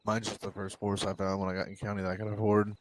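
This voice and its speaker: A man streaming a western role-play game, chatting casually in character with a relaxed, chuckling manner. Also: on the low side, quick pace, noisy background.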